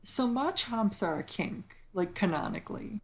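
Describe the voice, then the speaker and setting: A woman's voice: medium pitch, sing-song, moderate pace, slight background noise. A young woman co-hosting a casual chat, rambling with many fillers and restarts. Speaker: podcast co-host.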